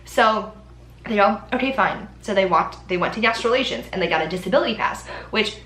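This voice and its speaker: A woman's voice: mid-range voice, lively intonation, brisk, a bit bright, roomy sound. A young woman vlogging in a casual, chatty way, with lots of ums and likes. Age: young adult. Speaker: Disney College Program vlogger. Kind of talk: casual chat.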